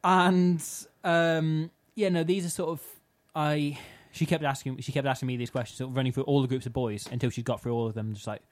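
A man's voice: on the high side, fairly even intonation, brisk, hardly any pauses. A young man on a podcast, telling rambling anecdotes with self-mocking asides. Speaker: podcast co-host. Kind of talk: casual chat, storytelling.

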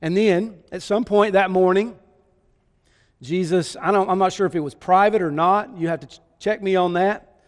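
A man's voice: sits high, moderate pace, big-room sound. A man preaching a sermon, telling the story with many rhetorical questions.

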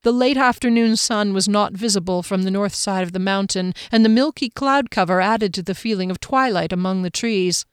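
A woman reading a fantasy novel aloud in a steady storytelling manner. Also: medium pitch, normal speed, hardly any pauses, clear, resonant tone, dry recording, studio quality. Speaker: narrator. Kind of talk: scripted fantasy narration.

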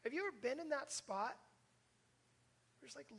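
Speaking directly to his congregation in a church sanctuary, an older pastor gives an earnest, conversational sermon built around stories. He has a very high-pitched, somewhat bright voice with lively intonation, vocal fry and a moderate pace, and the hall's long reverb carries it.

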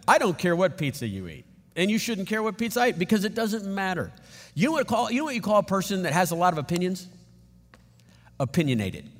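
A middle-aged man preaching a sermon as pastor, telling stories in an animated, emphatic way. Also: a little high, big-room sound.

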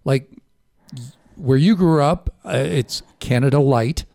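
A man's voice: medium pitch, takes it slowly, gravelly, a little mellow, dry recording. A man with a Chicago accent hosting a radio show from a studio, chatty and self-deprecating. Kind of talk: casual talk radio banter. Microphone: studio microphone.

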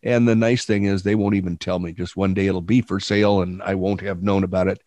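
Podcast host, male, husky from a cold, rambling wry delivery, lowish voice, dry sound. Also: flat delivery, a little fast, darkish tone, dry recording. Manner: rambling, wry, many fillers. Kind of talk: casual podcast chat.

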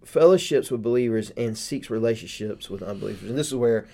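A man in a casual podcast conversation with a middle-pitched voice. He talks earnestly and builds his explanation point by point. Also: quick pace, gravelly, mellow. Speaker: podcast host. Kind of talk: casual faith podcast discussion.

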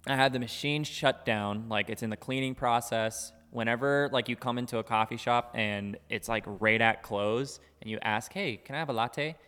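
A man co-hosting a relaxed podcast, spinning an animated story with lots of fillers. His voice is bright and smooth. There is a long room reverb around him. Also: mid-range voice, moderate pace, hardly any pauses. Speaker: coffee shop co-owner, podcast co-host. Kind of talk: casual podcast chat, storytelling.

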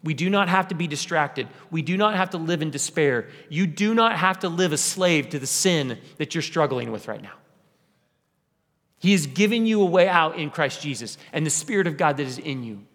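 A man's voice: a little high, expressive, normal speed, a bit bright, in a large hall. A male pastor preaching a sermon with an impassioned, repetitive cadence. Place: church sanctuary.

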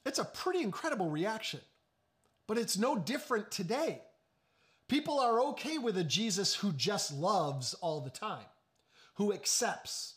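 Animated man preaching a sermon. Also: sits high. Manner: animated preaching with sudden drops to hushed, slow emphasis; joking asides. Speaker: pastor.

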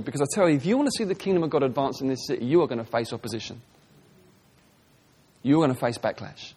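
A man preaching a sermon, animated, swinging between hushed, tender lines and loud, emphatic ones. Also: medium pitch, fast talker, long pauses, husky. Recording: long hall reverb.

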